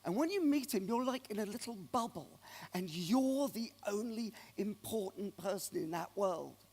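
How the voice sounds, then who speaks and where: A keynote speaker with a high-pitched, breathy male voice talks at normal speed, telling anecdotes in an animated way to an audience in a large conference hall. The hall's long reverb is clearly audible.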